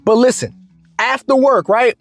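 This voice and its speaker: High-voiced man telling a story. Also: a little slow, vocal fry, no echo, soft background music. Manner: animated, slangy, full of restarts. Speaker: vlogger. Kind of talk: casual storytelling.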